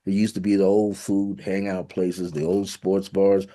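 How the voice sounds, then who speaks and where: A man with a deep, mellow voice gives a motivational spiritual teaching talk. His delivery is conversational, with an occasional chuckle. He slows down to press each key word and affirmation home. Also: little pitch movement. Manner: emphatic, slows down to stress key words and affirmations.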